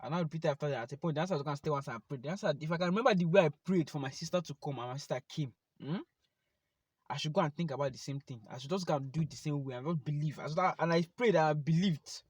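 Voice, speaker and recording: Young Nigerian man, vlogger, quick animated testimony, close dry sound. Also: on the high side, husky, no room sound. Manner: animated, talks straight to viewers. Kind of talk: personal testimony to camera.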